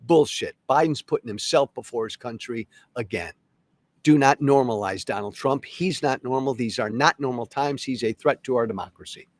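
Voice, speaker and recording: A man's voice: medium pitch, normal speed. Angry man ranting on his podcast. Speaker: podcast host. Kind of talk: solo opinion monologue.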